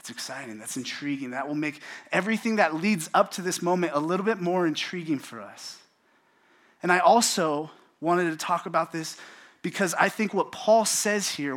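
Young male preacher, slightly high voice, casual lively storytelling sermon. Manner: animated storytelling, acts out quotes.

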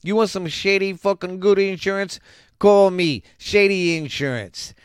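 A man's voice: sits high, unhurried, smooth, no room sound, studio quality, voice pushed up. A man voicing a brash, cursing tough-guy insurance salesman in a comic fake ad. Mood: sleazy swagger.

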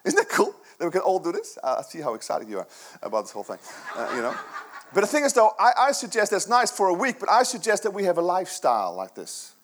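Male pastor, middle-aged, earnest conversational sermon, voice a touch higher than most men. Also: huge pitch swings, fast, a bit bright. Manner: earnest, conversational preaching with rhetorical questions.

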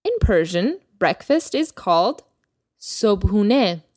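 Woman, podcast language teacher, clear careful delivery, lively intonation, dry close sound. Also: medium pitch, unhurried, no room sound. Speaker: Persian teacher, podcast host.

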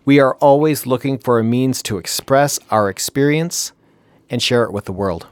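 A man from Wisconsin co-hosting a podcast, casual and halting, with dry joking asides. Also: mid-range voice, clear, resonant tone, no room sound. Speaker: podcast co-host. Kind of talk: casual chat.

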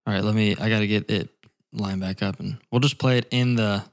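A man's voice: on the low side, fairly even intonation, fairly quick, vocal fry. A young man from Northwest Arkansas co-hosting a casual podcast, teasing and quizzing his guest. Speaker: podcast co-host. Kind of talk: casual chat.

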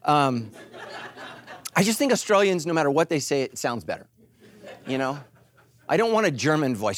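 A middle-aged man preaching a sermon, animated and joking, acting out quoted voices. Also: on the high side, measured pace. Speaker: pastor.

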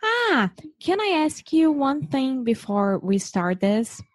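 Slow-talking woman searching for words. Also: high voice, sing-song. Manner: unhurried, searches for words, laughs often. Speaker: co-host, English learner. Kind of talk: casual podcast chat.

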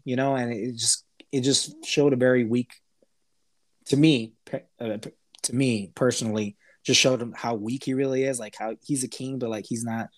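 A man on a podcast, casually retelling a TV episode in a rambling way, with lots of fillers and quick acted-out quotes. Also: mid-range voice. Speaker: podcast host. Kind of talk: casual chat recapping a TV episode.

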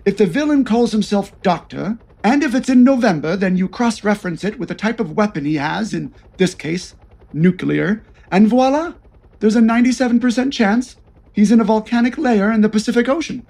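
A man's voice: sits high, normal speed, vocal fry, a little mellow, voice pushed up. A man doing a cool, breezy veteran spy. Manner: breezy, matter-of-fact. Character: calm, confident veteran male spy.

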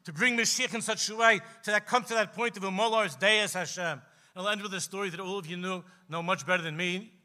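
A man, a rabbi preaching to a gathering, telling stories with passion and slowing down for emphasis. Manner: impassioned storytelling, slows for emphasis, drops low and quiet at key lines. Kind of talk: sermon at a gathering. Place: live event hall.

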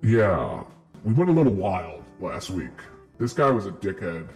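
A man's voice: deep voice, wildly swooping pitch, unhurried, soft background music, heavily acted. A man voicing a cocky male iron golem priest who brags about fighting and drinking and gets touchy about his catchphrases. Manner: swaggering, boastful, touchy.

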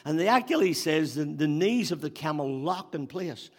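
A male pastor giving a sermon, building up to loud emphatic repeated phrases and dropping back to storytelling. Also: a little high, expressive, normal speed. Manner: preaching with rising emphatic repetition. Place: church hall. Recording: long hall reverb.

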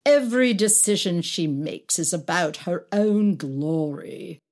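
A woman's voice: lowish voice, expressive, slow pace, darkish tone. A woman voicing an older male stage actor, a sardonic veteran who gossips and mocks in a storybook reading. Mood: mocking. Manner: mocking, gossipy.

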